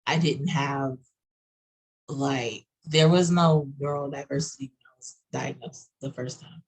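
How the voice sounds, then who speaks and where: A woman with a Texas accent chatting on a roundtable video call, talking fast and rambling with many fillers. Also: a bass voice, steady tone, slightly rough, low-quality recording. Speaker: roundtable panelist. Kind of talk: casual chat.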